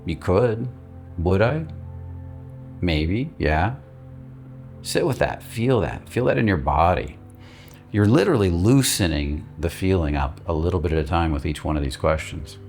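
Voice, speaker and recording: A male coach giving a guided instructional talk, calm and steady, stressing key words by repeating them. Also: sits low, unhurried, vocal fry, faint music behind. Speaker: emotional release coach.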